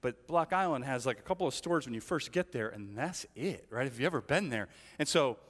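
Conversational pastor in a reverberant hall. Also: male voice, medium pitch, lively intonation, a little fast, fairly bright tone. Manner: conversational storytelling with frequent "right?" asides. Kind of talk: sermon. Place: church hall. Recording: long church hall reverb.

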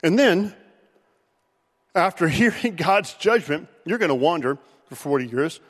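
A man preaching a sermon in an animated way, now and then acting out Bible figures' voices. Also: a little high, unhurried, long pauses. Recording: long hall reverb.

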